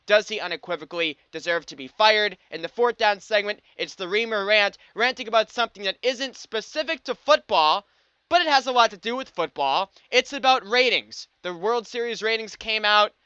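A man's voice: high voice, normal speed, pushed and bright, clear, resonant tone, no echo. A young man from the United States hosting a sports podcast, talking upbeat and wry with frequent fillers. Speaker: podcast host. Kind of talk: scripted sports podcast monologue. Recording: slightly dull dry podcast audio.

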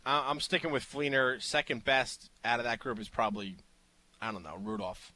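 A man's voice: medium pitch, lively intonation, normal speed, pushed and bright. A man co-hosting a fantasy football radio show, chatting in an easygoing way and giving advice. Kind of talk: casual sports radio talk.

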